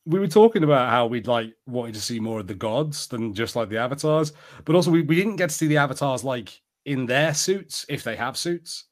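A young man co-hosting a podcast, with a middle-pitched everyday voice. He chats loosely with plenty of fillers and sometimes speeds up in quick bursts. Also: animated. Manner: chatty, filler-heavy, spurts of fast talk. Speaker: podcast co-host. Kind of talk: casual chat.

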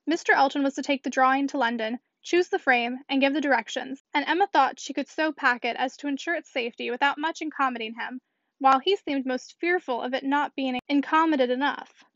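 Woman audiobook narrator, high voice, dry dull recording. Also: brisk, fairly bright tone, dry recording. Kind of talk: scripted narration.

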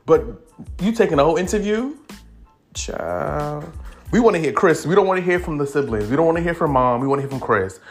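A man giving casual celebrity gossip commentary, animated and profane, leaping up in pitch for emphasis. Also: fairly quick, faint music behind. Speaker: commentary vlogger.

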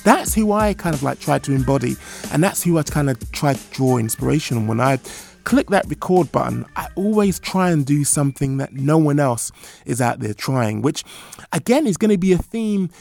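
Excitable podcast host, gravelly. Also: medium pitch, moderate pace, soft background music. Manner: excitable, rambling, lots of fillers and restarts. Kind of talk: casual podcast interview.

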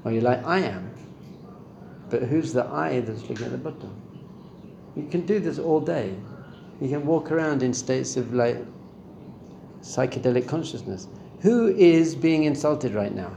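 A man's voice: medium pitch, animated, moderate pace, vocal fry, mellow, echoey room, a little hiss or hum. A middle-aged man giving a spiritual talk on meditation, conversational and questioning his listeners. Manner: conversational, asks the audience questions. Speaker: spiritual teacher. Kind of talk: Torah class on meditation. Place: room with a live audience.

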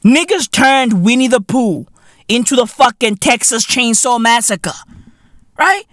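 A man's voice: extremely high pitch, expressive, a little slow, fairly bright tone, no room sound, clean studio sound. A man hosting a podcast in a comedic rant, profane and boastful, full of slang and laughing at his own jokes. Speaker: podcast host.

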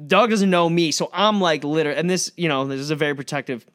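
A man's voice: a little high, quick pace, a bit bright. A young adult man, a podcast guest, telling a long story in a casual, rambling way with many fillers and restarts. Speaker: podcast guest, record label founder.

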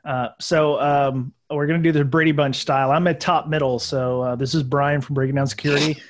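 A man's voice: on the high side, fairly even intonation, brisk. A man hosting a casual holiday podcast chat over a video call, easygoing and hesitant with frequent ums. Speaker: podcast host.

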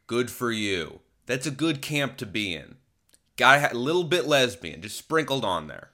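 A man's voice: medium pitch, very animated, normal speed, sharp tone. A man hosting a podcast, telling a story casually and rambling, often correcting himself mid-sentence. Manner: rambling, self-correcting, candid. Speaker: podcast host. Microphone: phone camera.

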